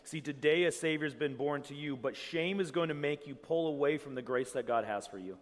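A man's voice: on the high side, brisk, in a large hall. A man preaching a sermon as pastor, talking conversationally and acting out quotes with animation. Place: church.

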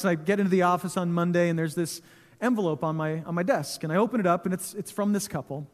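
A man in his thirties preaching a sermon in a church, telling stories in a relaxed, conversational way with touches of humor. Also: high voice, brisk. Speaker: pastor. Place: church sanctuary. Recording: long hall reverb.

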